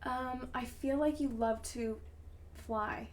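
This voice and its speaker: A woman's voice: sits high, slow. A woman giving a casual tarot reading to camera, effusive and encouraging, rambling and restarting her sentences. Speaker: tarot reader.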